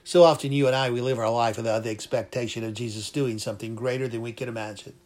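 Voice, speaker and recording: A man's voice: mid-range voice, fairly even intonation, fast, a little mellow. A man preaching a sermon, fervent and emphatic, repeating phrases for emphasis. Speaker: pastor.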